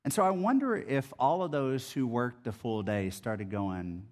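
A man's voice: medium pitch, unhurried. A man preaching a sermon in a conversational style, explaining a Bible passage verse by verse. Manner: conversational, animated. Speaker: pastor.

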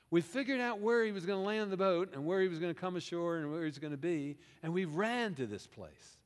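A man with a high voice speaks fairly quickly as a pastor preaching to his congregation. He retells a scripture story in animated fashion, using "we" as though the listeners were present, and puts questions to them. The church sanctuary gives the recording a reverberant, hall-like sound.

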